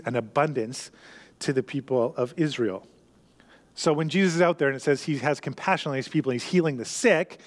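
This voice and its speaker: A man with a fairly high voice delivers a sermon. He teaches earnestly, leaning on emphasis and repeating his key points. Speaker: pastor.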